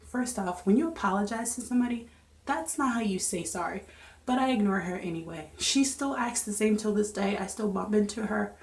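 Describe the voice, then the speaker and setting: A woman's voice: medium pitch, brisk. Chatty young woman telling a story. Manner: chatty, animated retelling. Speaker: vlogger. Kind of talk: storytime vlog. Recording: echoey room.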